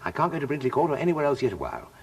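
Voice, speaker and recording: Bertie Wooster, breathy toff. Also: male voice, on the high side, wildly swooping pitch, racing, full character voice. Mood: airy. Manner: bumbling, indignant protests. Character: young male idle aristocrat, cheerful and dim. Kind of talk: radio comedy drama acting.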